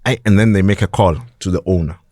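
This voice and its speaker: A South African man, a podcast guest, telling a dramatic story in an animated way and acting out the voices of the people in it. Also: low-pitched, fast, dry recording, studio quality. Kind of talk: storytelling in an interview.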